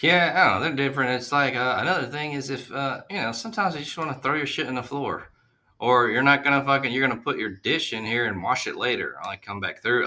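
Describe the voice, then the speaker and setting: A man's voice: medium pitch, quick pace, sharp tone. A man co-hosting a casual podcast, ranting in exasperation and swearing heavily. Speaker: podcast co-host. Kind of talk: casual profane podcast chat.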